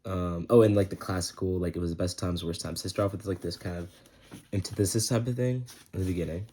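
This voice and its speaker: A young man talks through a book review in a loose, rambling way, leaning on slang and filler words. His voice sits low, with a soft, mellow tone. He chats easily, like he is talking to friends. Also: steady tone, fast.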